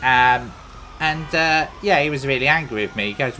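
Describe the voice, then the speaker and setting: A man's voice: medium pitch, normal speed, sharp tone, slight background noise, rough recording. A man with a Cockney accent, rambling through a boastful, absurd comic monologue while playing a game. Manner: boastful, absurd, chatty tangents. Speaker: gaming comedy host. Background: music.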